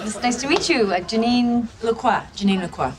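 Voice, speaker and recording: A woman's voice: on the high side, fairly quick, close to an everyday voice. An actress playing a polite young woman from Australia, a dancer newly arrived, speaking briefly with an Australian accent. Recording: noisy TV sitcom audio.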